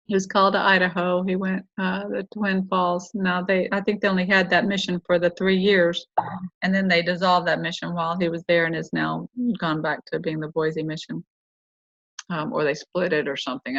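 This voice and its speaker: A middle-aged woman podcast host, with a lowish, gravelly, slightly bright voice, delivers a personal story flatly at normal speed. Her manner is casual and rambling, full of self-corrections. The recording is dull, dry, lo-fi, and without echo.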